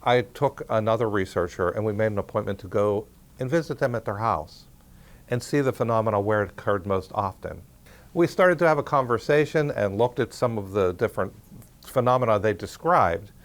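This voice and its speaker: A man, a researcher, telling a story in a relaxed conversational talk and acting out the quoted dialogue. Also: on the low side, a little fast. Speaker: parapsychology researcher.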